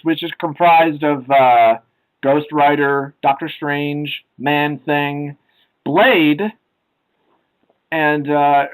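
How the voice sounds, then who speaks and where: A man's voice: fairly high pitch, lively intonation, slow pace, poor audio. A young man co-hosting a casual podcast chat, rambling with many ums and uhs. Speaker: podcast co-host.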